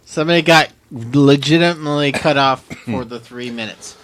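A man's voice: medium pitch, normal speed, fairly bright tone, slight background noise. A man hosting a beer podcast in casual chat, chatty and laughing easily. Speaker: podcast host.

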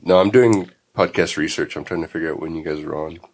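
A man's voice: a bass voice, fast, breathy edge. A man co-hosting a podcast, cracking wry jokes. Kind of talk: casual podcast banter.

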